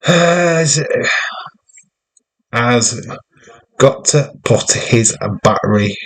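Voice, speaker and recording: A man's voice: medium pitch, lively intonation, drawn-out words, pauses often, low-quality recording. A man giving rambling, jokey running commentary while hosting a live wrestling watch-along stream.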